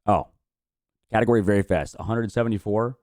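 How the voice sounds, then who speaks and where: A man's voice: lowish voice, brisk, a little mellow, dry recording, clean studio sound. A man hosting a live-stream watch party, chatting casually, swearing and reacting with frustration.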